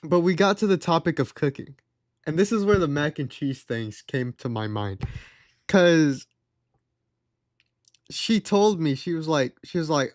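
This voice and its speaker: A man's voice: a little high, animated, normal speed, no echo, clean studio sound. A young man streaming live, casually telling a story in a sarcastic, exasperated, slangy way. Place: home streaming setup.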